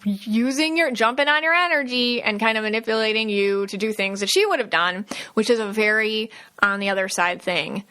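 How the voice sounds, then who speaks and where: A woman with a slightly high, sharp, clean voice hosts her own podcast as a psychic medium, speaking at normal speed with few pauses. Her casual solo monologue runs long and chatty, packed with fillers and restarts, and she acts out the people she quotes.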